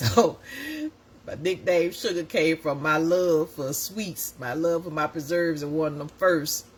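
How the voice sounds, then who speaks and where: A woman, hosting and telling a story in a casual, animated way, often laughing and acting out voices. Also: low-pitched, a little slow, breathy edge. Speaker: host.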